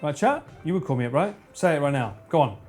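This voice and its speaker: A man's voice: fairly high pitch, lively intonation, fast, a little mellow, soft background music. A man streaming live, bantering and joking with his chat in a casual way. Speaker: livestreamer.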